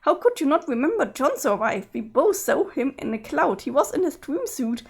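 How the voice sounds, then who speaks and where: A woman's voice: high voice, very animated, normal speed, gravelly, heavily acted. A woman reading a webcomic aloud, voicing a guilty young woman who apologizes and then pleads with her weeping other self. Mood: exasperated.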